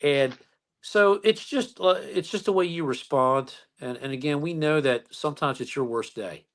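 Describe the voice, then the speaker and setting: A man, a police officer and interview guest, telling stories in a calm, unhurried way. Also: on the high side. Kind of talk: casual chat.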